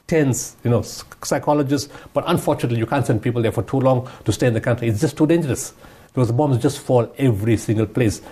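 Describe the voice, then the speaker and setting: A man's voice: medium pitch, mellow, slightly rough. A man giving impassioned interview answers, emphatic and repeating his points. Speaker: guest humanitarian speaker.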